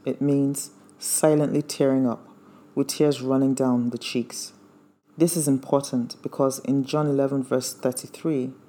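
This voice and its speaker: Earnest mellow-voiced male preacher. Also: mid-range voice. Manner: earnest, emphatic, quoting scripture. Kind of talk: sermon.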